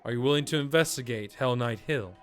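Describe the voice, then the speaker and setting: A man's voice: mid-range voice, a little fast, a bit bright, soft background music, natural voice. A man voicing Greta, a woman leading the town, rallying and reassuring. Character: commanding female town leader.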